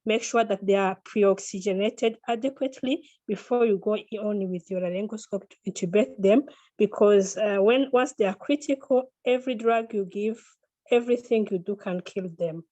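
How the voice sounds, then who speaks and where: A woman's voice: medium pitch, moderate pace, mellow. A woman on a medical panel giving direct, practical advice on critical care, with many uhs and likes. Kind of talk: expert panel discussion.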